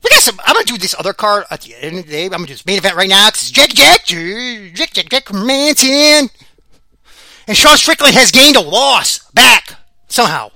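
Brief: rambling male podcast host, quick and lively, very bright dry sound. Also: high-pitched, dry recording. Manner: rambling, excitable, laughs often. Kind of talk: casual rambling sports chat.

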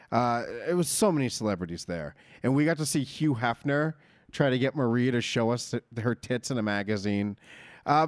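A man's voice: medium pitch, dry recording, studio quality. A man in his thirties co-hosting a casual wrestling chat, rambling and jokey with mock-announcer asides. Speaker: podcast co-host.

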